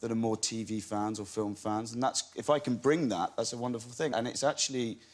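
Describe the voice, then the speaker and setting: A man's voice: medium pitch, steady tone, brisk. A young man, an actor and talk show guest, telling anecdotes easily and chuckling at himself. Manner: easygoing, self-deprecating, chuckles while telling stories. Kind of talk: chat show interview. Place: TV studio.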